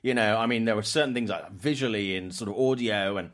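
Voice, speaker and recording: Male podcast host, low voice, chatty and rambling, reads out the chat. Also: fast talker, a bit bright. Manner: rambling, self-correcting, joking. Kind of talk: casual chat.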